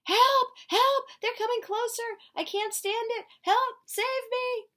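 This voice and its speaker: A woman voicing a frightened, confused little boy who cries out in a high voice. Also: very animated, normal speed, vocal fry, slightly rough, exaggerated voice. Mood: panicked.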